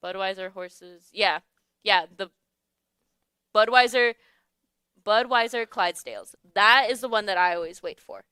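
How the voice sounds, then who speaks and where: A young woman hosts a morning radio show from a studio. Her voice is bright and clear, recorded close and dry, and she chats casually, laughing often and losing her words mid-sentence. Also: mid-range voice, measured pace, long pauses, no echo. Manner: chatty, laughs often, trails off searching for words. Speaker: radio host. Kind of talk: casual chat. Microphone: studio microphone.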